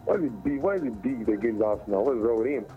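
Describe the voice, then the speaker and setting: A man's voice: mid-range voice, lively intonation, fast, soft background music. A man with a Nigerian accent calling in to a radio show, complaining and mixing in Pidgin. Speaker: caller. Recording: dull phone-in audio over radio.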